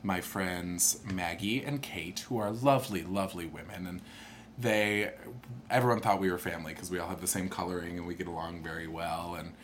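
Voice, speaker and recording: A young man telling a long personal story in casual chat, animated and jumping into higher voices when he quotes people. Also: a little fast, slight background noise.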